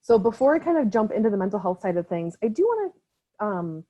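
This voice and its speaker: Speaking fast with big swings in pitch, this young Wisconsin woman has a medium, mellow voice and an Upper Midwest accent. She gives a relaxed online training for a mental health nonprofit, full of fillers and often ending lines with "right?". The call audio is lo-fi and slightly dull.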